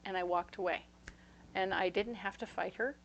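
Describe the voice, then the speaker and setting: A woman's voice: medium pitch, fairly even intonation, moderate pace, lo-fi sound, slight background noise. A woman giving a casual tarot reading, chatty and reassuring, checking in with her listeners as she talks. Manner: storytelling with acted-out voices. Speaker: tarot reader.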